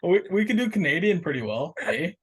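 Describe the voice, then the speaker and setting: Lively, playful podcast voice. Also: medium pitch, a little fast, breathy edge. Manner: playful, laughing. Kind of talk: casual chat.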